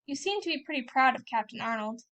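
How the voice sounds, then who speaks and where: A woman voicing a young farm boy who is nosy, pleading and quick to call things sins, as she reads a novel aloud. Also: high voice, lively intonation, fairly bright tone. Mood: eager.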